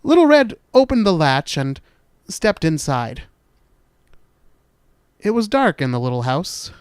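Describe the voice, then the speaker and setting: A man hosting a spooky podcast, narrating a horror story in a slow, deliberate, dramatic way, dropping to hushed dark turns. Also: high-pitched, clear, resonant tone, no echo, clean studio sound.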